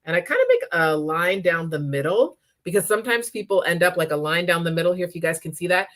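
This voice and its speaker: A woman's voice: fairly low pitch, lively intonation, quick pace. A woman demonstrating makeup in a live tutorial, talking chattily and often checking in with her viewers. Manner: chatty, checks in with frequent "okay?".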